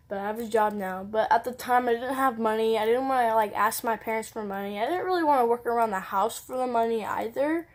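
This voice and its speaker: A teenage girl telling a personal story on her vlog, rambling casually and saying "like" constantly. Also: fairly high pitch. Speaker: vlogger.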